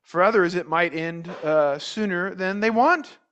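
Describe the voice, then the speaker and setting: Male pastor, high-pitched voice, measured sermon delivery with restarts and rhetorical questions. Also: a bit bright, smooth, dull audio. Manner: measured preaching with repeated words and rhetorical questions.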